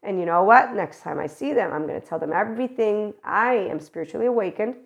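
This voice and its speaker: Chatty woman with a gravelly voice. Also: mid-range voice, fairly quick. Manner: rambling, animated, acts out quoted voices, laughs often. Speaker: spiritual channeler and podcast host. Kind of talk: casual spiritual monologue.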